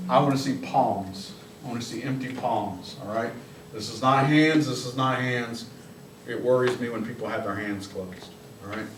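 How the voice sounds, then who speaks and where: A man's voice: medium pitch, normal speed. A man leads a police training session for office staff, speaking bluntly and cracking jokes. His voice sits in an ordinary middle range. The mic picks him up from across an echoing room, with faint noise underneath. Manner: blunt, joking, shouts commands when demonstrating. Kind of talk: live training presentation. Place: office meeting room with audience. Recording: echoey room, mic from a distance.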